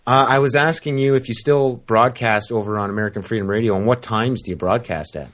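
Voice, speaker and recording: A man hosting a casual talk radio show, speaking in a loose, halting, conversational way. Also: mid-range voice, fairly bright tone. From Canada.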